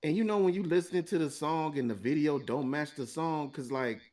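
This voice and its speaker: A man's voice: on the high side, a little fast, darkish tone. A man co-hosting a podcast, telling a long story in a casual, profane, rambling way and laughing between lines. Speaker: podcast co-host.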